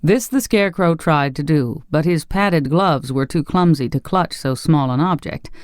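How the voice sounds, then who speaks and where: An audiobook narrator reading a fantasy tale in an expressive storytelling manner. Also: mid-range voice, normal speed, dry recording, studio quality. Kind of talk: scripted narration.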